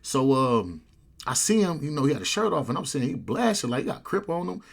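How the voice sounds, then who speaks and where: Gravelly man telling a story. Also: a little fast. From California. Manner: animated, acts out quoted voices with big jumps in pitch. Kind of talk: casual storytelling.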